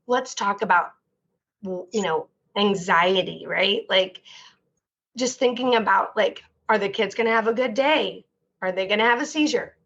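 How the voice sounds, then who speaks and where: The speaker is a woman therapist being interviewed, her mid-range voice a bit bright. She rambles openly and warmly, with plenty of fillers and restarts, and the sound quality is dull and lo-fi.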